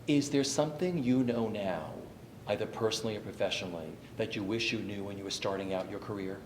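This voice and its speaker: A man with a fairly low voice hosts the interview, putting questions and giving short nods of agreement. His voice rings in an echoey room with faint noise behind it. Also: brisk. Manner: brief, encouraging affirmations. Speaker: interview host.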